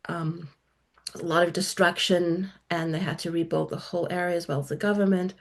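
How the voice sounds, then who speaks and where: A woman's voice: lowish voice, steady tone, a little fast. A middle-aged woman guest author talking about her work in a podcast interview, articulate and enthusiastic. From South Africa.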